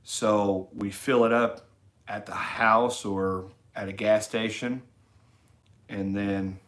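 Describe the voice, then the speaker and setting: A middle-aged man with a fairly low voice talks loosely to his livestream viewers. He rambles in an easygoing way and reads their chat messages aloud as they come in. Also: fairly even intonation, takes it slowly, a bit bright. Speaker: livestream host. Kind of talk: casual live-stream chat reading comments.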